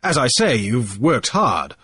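A man voicing a cool sea trader, airy, brisk, halting, mid-pitched, close dry sound. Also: very animated, a bit bright, husky, no room sound, heavily acted. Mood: cool, probing. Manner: brisk, airy, with little hesitations. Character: shrewd, cool adult male sea trader. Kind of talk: audiobook character voice.

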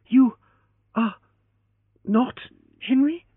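A man reading an audiobook and voicing a proud, fiery young woman quick to anger, over a tinny line. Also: very high-pitched, expressive, slightly rough, dry recording, voice pushed up, heavily acted. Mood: startled. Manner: flashing, accusing, then faltering. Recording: tinny phone-like, dry.

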